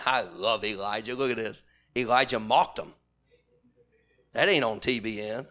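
A man preaching a sermon, moving from hushed storytelling to shouting. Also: lowish voice, moderate pace.

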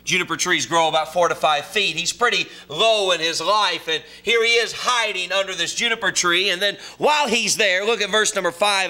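Male preacher, folksy storyteller, bright and edgy tone, shifts loud to low. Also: moderate pace, hardly any pauses. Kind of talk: sermon.

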